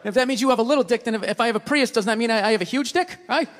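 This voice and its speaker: A man performing a stand-up comedy routine, ranting in exasperation and shouting his punchlines. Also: extremely high pitch, rapid-fire. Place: comedy theater stage. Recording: live hall reverb, crowd laughter and noise.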